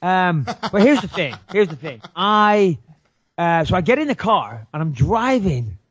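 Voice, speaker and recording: High-voiced British man telling a story. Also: sing-song, unhurried, fairly bright tone, no echo. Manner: laughing, rambling storyteller; argumentative. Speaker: podcast co-host. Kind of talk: casual podcast chat.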